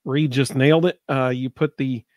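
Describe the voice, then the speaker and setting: A man's voice: mid-range voice, steady tone, normal speed, no echo, lo-fi sound. A man hosting a sports podcast in casual chat, upbeat and reading viewer comments aloud. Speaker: podcast host.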